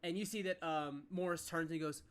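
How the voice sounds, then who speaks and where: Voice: mid-range voice, steady tone, a little fast, smooth. A game master narrating a tabletop game in a rambling way, with many fillers.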